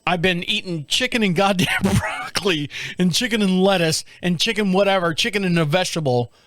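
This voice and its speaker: Animated storytelling man with raised pitch. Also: brisk, no echo, studio quality. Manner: animated, acts out quoted voices, laughs often. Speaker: podcast host. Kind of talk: casual solo storytelling.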